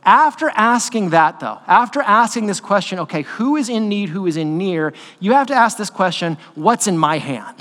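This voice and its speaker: In a reverberant church sanctuary, a male pastor with a high voice gives a live sermon, lively and conversational, slipping quick asides into his storytelling. Long hall reverb fills the recording.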